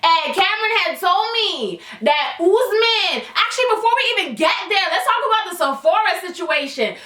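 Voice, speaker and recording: A young woman telling a casual storytime, fast-talking, blunt and profane. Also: very high voice, pushed and bright, recorded from a distance. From Canada. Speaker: vlogger. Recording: echoey room, voice away from the mic.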